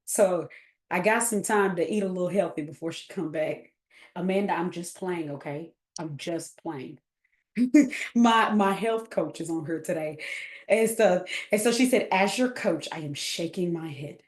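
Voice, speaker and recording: A woman's voice: on the low side, moderate pace, echoey room. A woman, chatting casually as a coach, goofy and full of laughter. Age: 30s. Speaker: host and coach. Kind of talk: casual livestream chat.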